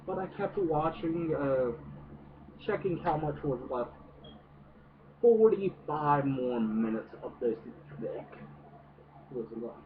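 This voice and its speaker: A man's voice: on the high side, expressive, slow pace, pauses often. A man giving a casual, profane movie rant, hesitant and full of fillers. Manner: hesitant, many fillers, swears a lot. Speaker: movie reviewer. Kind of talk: casual ranting film review. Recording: distant noisy phone-like audio.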